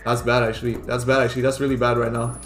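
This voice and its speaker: A young man streaming a game live, excitable and swearing, swinging from loud cheers to annoyed muttering. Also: mid-range voice, fast talker, soft background music. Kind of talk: live gameplay commentary.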